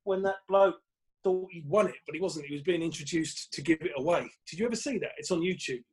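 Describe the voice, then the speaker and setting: Animated high-voiced man telling stories. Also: fast. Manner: animated, acts out quotes with laughs. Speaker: guest comedian. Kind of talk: casual storytelling chat.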